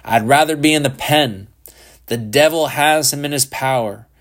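A man's voice: medium pitch, a bit bright. A man doing a hissing, snarling delinquent teen boy. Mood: venomous. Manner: hissing, slow and venomous.

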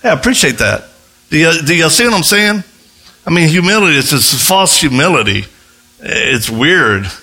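A man preaching a sermon as a missionary, telling stories in an animated way and jumping into high voices when he quotes others. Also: normal speed. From United States. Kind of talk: sermon with storytelling.

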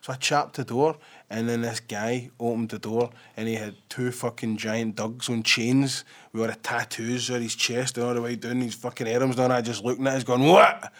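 A man's voice: mid-range voice, level tone, moderate pace. A man with a Scottish accent swearing freely as he tells stories in casual banter and laughs often.

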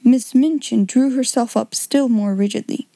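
Woman, audiobook narrator; measured reading, slightly high pitch, close dry recording. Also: warm tone, no room sound. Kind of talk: scripted narration.

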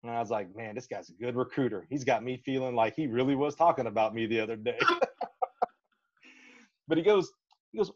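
On a podcast interview, a folksy Alabama track and field coach shares coaching stories, animatedly playing out each quote. His mid-range voice is brisk but leaves long pauses, and the lo-fi audio sounds slightly dull.

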